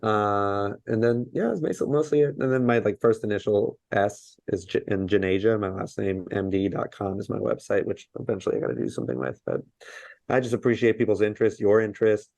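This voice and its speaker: A man's voice: fairly low pitch, fairly even intonation, brisk, vocal fry, darkish tone, no room sound. A man in his thirties, a podcast guest speaking earnestly with many fillers in casual conversation.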